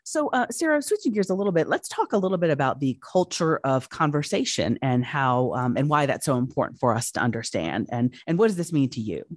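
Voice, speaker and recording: A woman hosting an interview, asking measured questions. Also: rumbling low, big pitch swings, dry recording, clean studio sound. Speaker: host.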